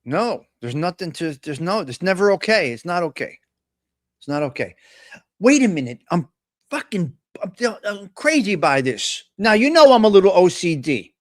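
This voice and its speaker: A man's voice: high voice, normal speed. A man hosting a live stream, ranting in casual, profane chatter. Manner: profane, excitable rants. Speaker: host.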